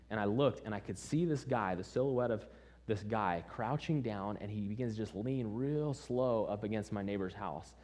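A young man preaches with a low voice, telling a personal story with energy. He acts out the people he quotes, then shifts into teaching the congregation. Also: darkish tone.

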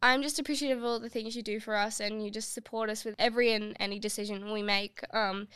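Young woman co-hosting, crisp close voice. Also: medium pitch, fairly even intonation, quick pace, fairly bright tone, no room sound. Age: young adult. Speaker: podcast co-host. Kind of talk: casual family chat.

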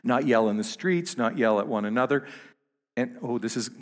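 A man preaching a sermon to his congregation, halting and repeating words, rising to emphatic peaks. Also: mid-range voice, animated, in a large hall. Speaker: pastor.

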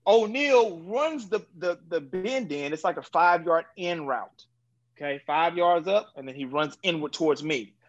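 Animated man telling a story, dull sound. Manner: animated, acts out quoted people with sudden high, loud bursts. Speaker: guest, former pro quarterback. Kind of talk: storytelling in a podcast interview. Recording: dull lo-fi audio.

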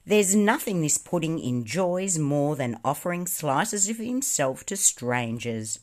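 A woman's voice: low voice, expressive, measured pace, voice pushed up. Woman doing a hearty, blunt sailor man. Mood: sly. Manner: hearty, blunt slangy talk.

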